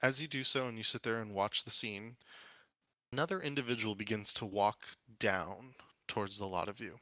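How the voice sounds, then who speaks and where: A man narrating as game master in a tabletop game, halting and restarting as he goes. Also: on the low side, sharp tone, no echo.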